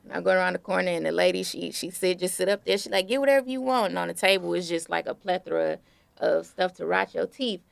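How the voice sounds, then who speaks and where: A young woman being interviewed, telling stories in a relaxed, casual way with plenty of fillers. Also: on the low side, fast talker, vocal fry, smooth, dry recording. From Detroit. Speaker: guest artist.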